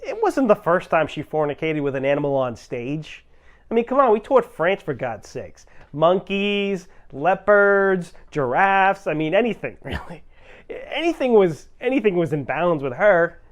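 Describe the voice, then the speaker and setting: A man's voice: sits high, very animated, a little slow. A man delivering crude, smug gossip with occasional laughs in a mock band interview. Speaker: comedy troupe performer. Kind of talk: improv mockumentary band interview.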